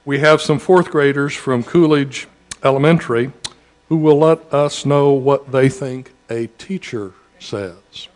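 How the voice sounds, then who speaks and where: A man, a school district administrator, giving a formal public speech in a measured way with frequent "uh" pauses. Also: mid-range voice, darkish tone. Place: school event audience setting.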